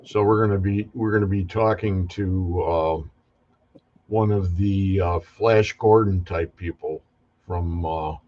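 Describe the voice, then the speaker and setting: Casual male host, low voice, rambling questions, lo-fi sound. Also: fairly even intonation, slow pace, a little mellow. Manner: rambling, restarts often, asks questions. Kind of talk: casual video call chat.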